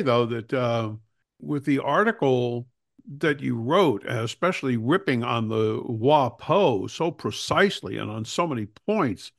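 A man's voice: mid-range voice, fairly bright tone. A man hosting a talk show, chatting casually about politics with wry jokes. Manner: wry, joking.

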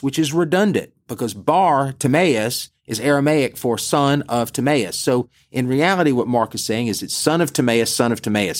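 A middle-aged priest teaches the Bible on a podcast. He talks in a relaxed, conversational way and drops in asides as he tells stories. His voice sits at an ordinary pitch for a man.

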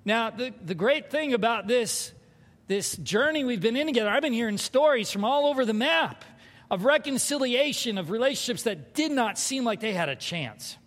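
A man preaching a sermon as pastor, animated and conversational, with humor. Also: very high voice, moderate pace. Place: church sanctuary. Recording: hall reverb.

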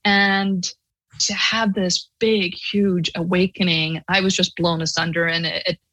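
A middle-aged woman from Ireland with an Irish accent, a podcast guest telling her personal story in an earnest, animated way. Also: on the low side, a little slow, rough recording.

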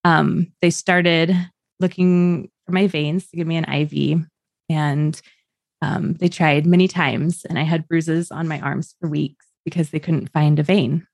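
Woman guest, lively storyteller who slips into other voices, slightly low, dry close mic. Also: a little slow, vocal fry, no room sound. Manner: animated, acts out the people in her story, laughs often. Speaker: podcast guest sharing her birth story. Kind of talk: casual storytelling.

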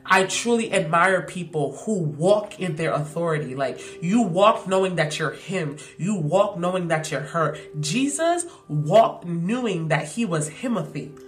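A young woman talks through a devotional reflection in a casual, animated, heartfelt way, leaning on slang and repeated words for emphasis. Her voice sits on the lower side and is going a little hoarse. Faint music plays beneath her. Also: a little slow, hardly any pauses. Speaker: podcast host.

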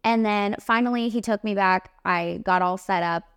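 A young woman in her twenties, a makeup artist hosting a podcast, telling a story in a casual, animated, emphatic way. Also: medium pitch, normal speed, clear, resonant tone, dry recording, studio quality.

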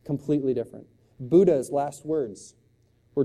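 A middle-aged man preaching a sermon as pastor, shifting from loud, impassioned exclamations to quiet, hushed storytelling. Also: mid-range voice, moderate pace.

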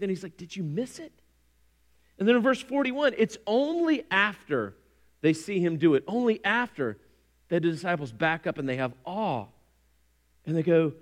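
A man preaching a sermon, animated and conversational, acting out quoted voices. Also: sits high, moderate pace. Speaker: pastor.

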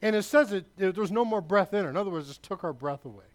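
A male pastor preaching a sermon, emphatic and loud, with asides to the congregation. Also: sits high, animated, fast.

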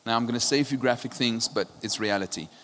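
A male pastor preaches a passionate sermon fast, his voice swinging from quiet and low to loud as he often checks in with "right?". There's a slight hiss or hum, and the recording carries a long hall reverb.

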